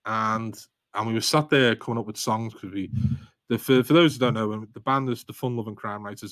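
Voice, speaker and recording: A man's voice: fairly low pitch, a bit bright, no echo. Rambling self-deprecating Scouse man. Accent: Liverpool Scouse. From Liverpool, England. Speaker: guest author. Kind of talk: casual storytelling in a podcast interview.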